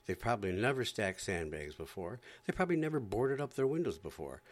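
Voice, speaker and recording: A man's voice: on the low side, very animated, a little fast. A man from Florida doing a sarcastic, exasperated stand-up rant. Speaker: comedian.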